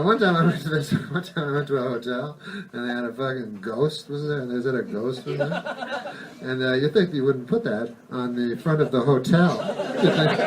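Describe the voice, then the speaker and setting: A male stand-up comedian doing a rambling, profane routine that keeps interrupting itself. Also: medium pitch. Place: comedy stage before a live audience. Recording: distant mic with audience laughter.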